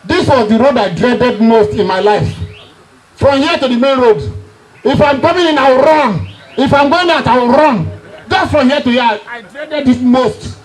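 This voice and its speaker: High-voiced Nigerian man telling family stories. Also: unhurried, crowd noise, rough recording. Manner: chuckling storyteller, teasing the audience. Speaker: family member speaking at a reunion. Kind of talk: humorous anecdotal speech.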